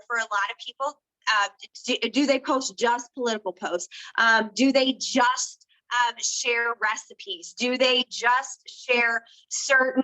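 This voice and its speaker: Bright-voiced woman coaching her sales team. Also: on the high side, low-quality recording. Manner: earnest, coaching, many fillers and restarts. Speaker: direct sales team trainer. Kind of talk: casual training talk.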